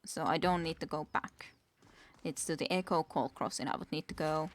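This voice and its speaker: Low-voiced woman streamer musing aloud. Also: moderate pace. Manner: muses aloud, reads game text, chuckles often. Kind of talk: casual let's-play commentary.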